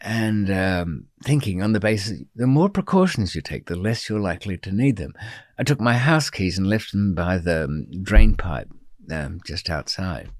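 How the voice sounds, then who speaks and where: Low-voiced man telling a rambling story. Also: expressive, normal speed, dry recording, studio quality. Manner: rambling and digressive, many ums, wry asides. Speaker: podcast guest. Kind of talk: storytelling in an interview.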